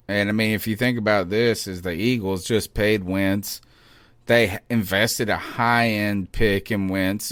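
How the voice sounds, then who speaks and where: A man hosting a call-in sports podcast, talking loosely and thinking out loud. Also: on the low side, clear, resonant tone, no echo. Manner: loose, conversational, thinking aloud. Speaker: podcast host taking calls. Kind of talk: casual sports talk.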